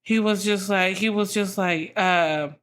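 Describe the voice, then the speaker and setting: A woman's voice: mid-range voice, a little slow, a bit bright. Profane, rambling woman telling a story. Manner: profane, rambling, lots of "like" fillers. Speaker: podcast host. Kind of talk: casual storytelling.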